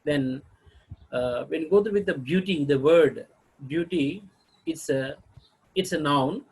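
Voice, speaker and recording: A man with an Indian English accent giving a video lesson on pronunciation, halting often to clear his throat. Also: fairly high pitch, low-quality recording. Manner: halting, frequent throat clearing and filler sounds. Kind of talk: lecture-style video lesson.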